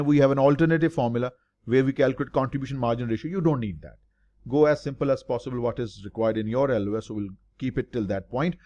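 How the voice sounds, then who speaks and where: This finance tutor's lecture on break-even analysis comes in a darkish, mid-range male voice. Key terms get emphasized and repeated, and he poses questions only to answer them himself.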